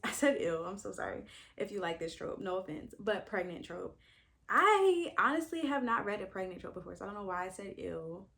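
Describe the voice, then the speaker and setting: A woman's voice: mid-range voice, gravelly. A young woman, talking casually to the camera as a book vlogger, thinking aloud with sudden exclamations. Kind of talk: casual chat.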